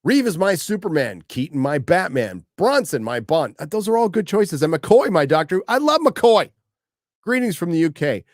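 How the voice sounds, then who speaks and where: A man's voice: fairly high pitch, very animated, normal speed, dry recording, studio quality. A middle-aged man hosting a livestream, reading out viewer questions and answering in a blunt, profane way, often repeating phrases for emphasis. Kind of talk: casual profane livestream chat.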